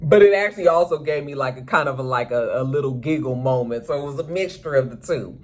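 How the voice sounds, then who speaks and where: A woman's voice: a bass voice, fast talker, a little mellow. A woman vlogger giving a casual, sassy recap of a TV episode, chatting to her viewers and slipping into character voices.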